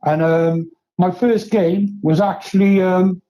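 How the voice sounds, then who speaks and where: Nervous male caller, high pitch, halting rambling delivery. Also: fairly even intonation, mellow, rough recording. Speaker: phone-in caller. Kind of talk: casual chat.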